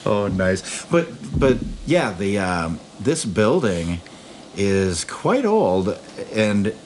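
Low-voiced male interviewer, chatty. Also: big pitch swings, drawn-out words, darkish tone, a little hiss or hum. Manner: chatty, frequent agreeing backchannels. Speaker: interviewer and writer. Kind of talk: conversational interview. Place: back room of a country store by a wood stove.

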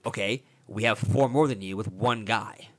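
A young man, telling animated, profanity-laden sports stories in casual chat. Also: lowish voice, normal speed.

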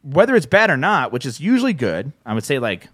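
A man's voice: medium pitch, fast talker, no echo, clean studio sound. A man from New Jersey hosting a podcast, talking casually with lots of swearing and restarts. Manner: rambling, profane, animated, with many restarts. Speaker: podcast host. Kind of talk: casual chat.

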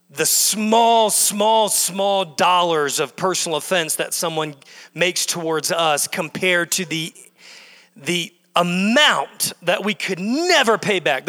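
A male pastor delivers a sermon in a high, bright, forceful voice. He hammers his points through repetition, building in bursts. His voice rings out with a long reverb from the church hall. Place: church sanctuary.

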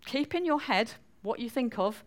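A woman's voice: a little high, lively intonation, moderate pace. A woman from northwest England with a Mancunian accent, giving a chatty church talk and quizzing the congregation. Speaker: preacher.

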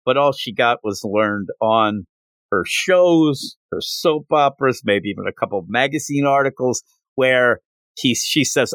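A man hosting a podcast, retelling a manga chapter in a loose, rambling way with plenty of fillers. His voice is animated and jumps around in pitch. The recording is dry and close, with no room echo. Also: measured pace. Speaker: podcast host. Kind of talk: casual manga recap.

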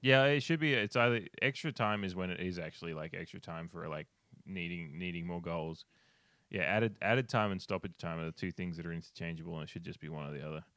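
Low-voiced man in casual chat. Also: quick pace, dry recording. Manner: animated, laughing, restarts sentences often. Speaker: podcast co-host. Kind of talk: casual film podcast chat.

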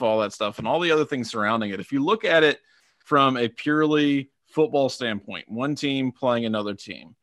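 A man co-hosting a sports podcast, giving measured, analytical takes and thinking aloud. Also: medium pitch, animated, fairly bright tone, no echo, studio quality. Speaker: podcast co-host.

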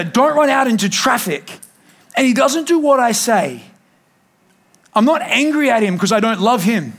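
A man with a notably high voice delivers a church sermon to a gathered congregation. He talks animatedly, breaking into shouts to drive his points home and slipping into playful quoted voices. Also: vocal fry, slightly rough. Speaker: pastor. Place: church hall before a congregation.

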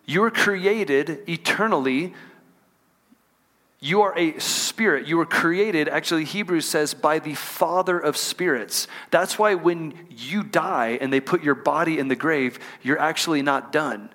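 A man preaching a sermon as pastor, reading scripture slowly and calling on the congregation to repeat after him. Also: on the high side, fairly bright tone. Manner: call-and-response preaching, asks the congregation to repeat lines; drawn-out emphatic scripture reading. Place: church auditorium.

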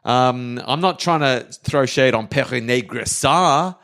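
A man co-hosting a casual history podcast, telling the story with animated flair and quick voices for the people in it. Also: medium pitch, creaky. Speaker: podcast co-host.

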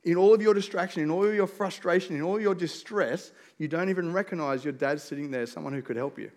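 A pastor, a man in his forties, preaching a sermon in an earnest, storytelling way, dropping softly into prayer. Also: fairly high pitch, fast talker.

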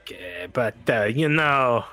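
Man doing a slick, coaxing card sharp. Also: medium pitch, expressive, takes it slowly, voice pushed down. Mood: sly. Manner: smooth, coaxing. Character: slick, scheming male card gambler.

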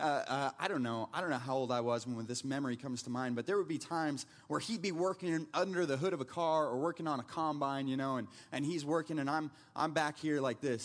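High-voiced conversational pastor preaching. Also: male voice. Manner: conversational storytelling with frequent restarts. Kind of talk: sermon.

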